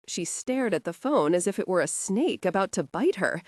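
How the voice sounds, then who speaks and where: A woman narrating a romantic suspense audiobook in a measured storytelling manner, close to the mic. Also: mid-range voice, very animated, no echo. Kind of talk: scripted narration.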